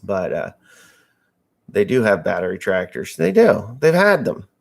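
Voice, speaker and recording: Farmer host from Massachusetts, male, slightly low voice, rambling, blunt, crude humor. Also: very animated, unhurried, creaky. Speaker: farmer hosting a live stream. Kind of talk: casual live-stream chat reading viewer messages.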